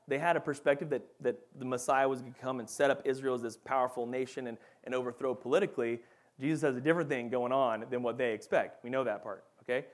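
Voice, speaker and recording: A man teaching a Bible lesson in a casual, animated way, often checking in with his listeners. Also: medium pitch. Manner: animated, acts out quoted voices, frequent "right?" and "okay?".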